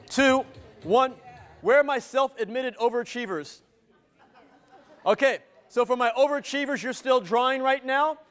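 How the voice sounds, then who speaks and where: A man giving an interactive live keynote as a motivational speaker, energetic and playful, teasing his audience. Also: extremely high pitch, smooth. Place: event venue with a live audience.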